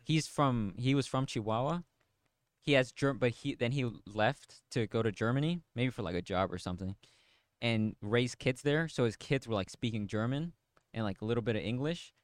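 Young man, smooth clear voice, easygoing hedging talk, dry close recording. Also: mid-range voice, normal speed, no echo. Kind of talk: casual chat.

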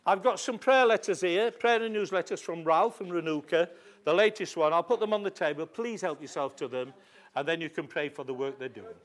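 A man's voice: on the high side, a little fast. A man with a Northern English accent preaching a sermon in a church hall, emphatic and calling for amens. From England. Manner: emphatic, call-and-response.

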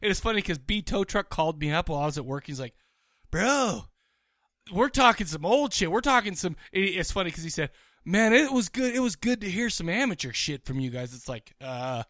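A man's voice: high voice, sing-song, brisk, fairly bright tone, dry recording, clean studio sound. A man co-hosting a podcast in casual chat, rowdy and joking, often talking over his co-host.

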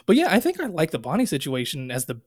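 A man's voice: fairly high pitch, wildly swooping pitch, quick pace, slightly rough. A man co-hosting a podcast, casually retelling movie scenes and quoting the lines with swearing. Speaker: podcast co-host. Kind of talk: casual movie recap chat.

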